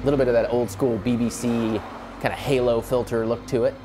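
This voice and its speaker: A man's voice: medium pitch, level tone, fairly quick. A man hosting a let's play, chatting casually and rambling while keeping his voice down late at night, with frequent laughs. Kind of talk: casual gameplay commentary. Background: video game music.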